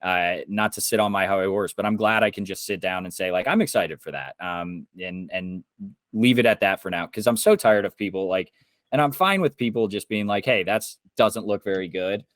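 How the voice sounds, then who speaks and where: Young man, low voice, dry close sound; heated swearing podcast rant. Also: brisk, a bit bright, no room sound. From Indiana. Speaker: podcast co-host. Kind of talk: casual podcast chat.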